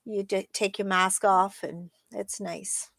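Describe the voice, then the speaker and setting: A woman co-hosts a relaxed morning chat in an upbeat, talkative manner. She keeps things friendly and full of little fillers. Her voice sits close to the mic with a dry, dead sound. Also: mid-range voice, takes it slowly, creaky, no room sound. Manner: chatty, upbeat, frequent fillers. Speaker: co-host. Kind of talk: casual chat.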